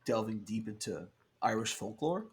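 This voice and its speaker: A man's voice: fairly low pitch, expressive, normal speed, noisy background. A man in casual podcast chat, blunt and sweary, laughing often and stacking fillers as he reviews a film. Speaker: podcast guest film critic.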